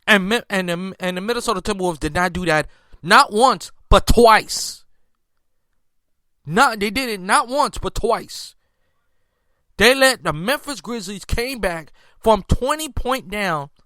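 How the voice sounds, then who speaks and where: A man's voice: sits high, sharp tone, clear, resonant tone, no echo, clean studio sound. A man hosting a casual sports commentary, ranting in a heated way with many restarts and incredulous outbursts. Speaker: sports podcast host.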